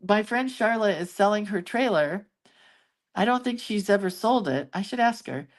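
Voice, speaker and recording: A woman's voice: medium pitch, expressive, normal speed. A woman hosting a hand-lettering and doodling livestream, chatting casually and musing aloud as she draws and reads viewer comments. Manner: chatty, muses aloud while drawing and reading viewer comments. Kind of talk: casual craft livestream chat.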